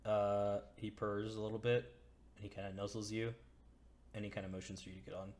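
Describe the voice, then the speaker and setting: A man's voice: on the low side, little pitch movement, brisk, a little mellow. A man narrating as game master in an easygoing, chatty way. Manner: easygoing, chatty, lots of fillers.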